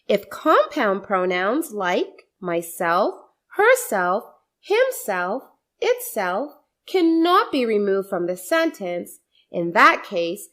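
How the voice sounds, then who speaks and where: A woman teaching a scripted grammar lesson, explaining slowly and deliberately, with many repeated example sentences. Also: mid-range voice.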